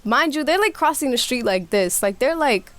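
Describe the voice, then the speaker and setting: A woman's voice: sits high, normal speed. Slangy young woman telling a wild story. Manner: animated storytelling with voiced quotes, slangy and profane. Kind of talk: casual chat.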